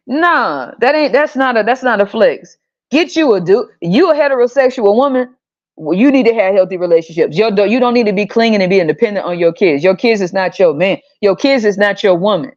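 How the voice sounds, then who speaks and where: A woman podcast host talks in a blunt, profane rant at a middle pitch. She jumps into shrill, exasperated outbursts. The recording sounds slightly dull and lo-fi. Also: lively intonation, a little fast. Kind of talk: opinionated rant.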